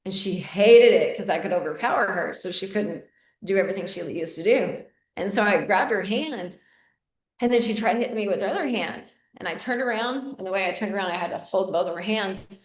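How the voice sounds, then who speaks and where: A woman tells a personal story to her viewers in a casual, candid way, with plenty of ums and uhs. Her voice sits at a middle pitch. It echoes a bit in a roomy space. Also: a little fast. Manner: candid, talks to viewers directly, many fillers. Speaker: vlogger. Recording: roomy echo.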